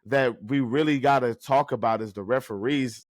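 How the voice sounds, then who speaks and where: A man's voice: mid-range voice, normal speed, no room sound, clean studio sound. A man co-hosting a casual sports podcast who talks emphatically and repeats his points for effect. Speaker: podcast co-host.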